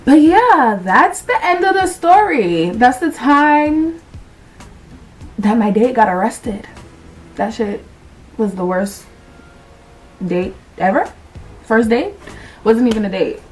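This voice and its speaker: A young adult woman telling a storytime on her vlog, animated and slangy, swearing freely and acting out what people said. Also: on the high side, takes it slowly, long pauses, distant mic, soft background music. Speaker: vlogger. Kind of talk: casual storytime.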